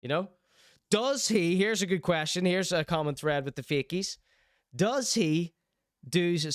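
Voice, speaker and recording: A young Irish man hosts a live-streamed chat show, riffing and teasing viewers in loose, jokey banter. His voice sits a little high and comes through smooth and clear. The sound is close and dry. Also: dry recording. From Ireland. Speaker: livestream host.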